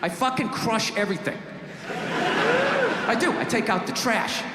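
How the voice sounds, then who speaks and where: A middle-aged stand-up comedian with a very high voice and wildly swooping pitch rants profanely at a measured pace, acting out characters. He's on a comedy club stage before a live audience, recorded live with loud crowd noise.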